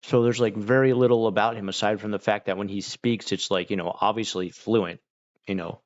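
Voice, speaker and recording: An Australian man streaming, telling stories in a loose, rambling way, full of "like" and quick restarts. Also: on the low side, steady tone, dull audio. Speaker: livestreamer. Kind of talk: casual chat.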